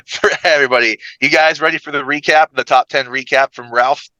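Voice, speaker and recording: A man co-hosting a podcast in casual chat, animated and giggly and quick to joke. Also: medium pitch, no room sound, muffled recording. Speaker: podcast co-host.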